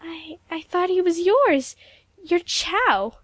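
A woman's voice: sits high, sing-song, moderate pace, dry recording, clean studio sound, voice pushed up, exaggerated voice. A woman voicing a proud, prickly teenage girl who speaks haughtily and stammers when flustered.

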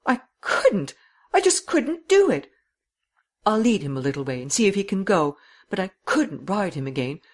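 Shrill, frantic lady rider. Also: expressive, a little fast. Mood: distressed. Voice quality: shrill, pleading. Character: anxious, tearful lady rider. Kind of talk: audiobook character reading.

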